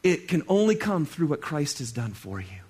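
A male pastor with a notably high voice delivers a conversational sermon. He talks straight to his listeners, one moment loud and exclaiming, the next soft and hushed. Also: sing-song, normal speed, breathy edge.

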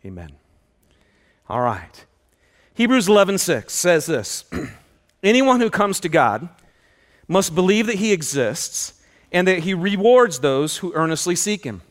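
Male pastor, high voice, animated sermon storyteller who shouts out quoted lines. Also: a little slow. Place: auditorium.

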